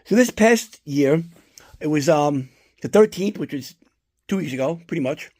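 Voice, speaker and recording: A collector vlogger from New Jersey tells a long, rambling story about his holiday routine in casual chat, swearing often and growing animated when annoyed. His voice is on the high side, at a moderate pace.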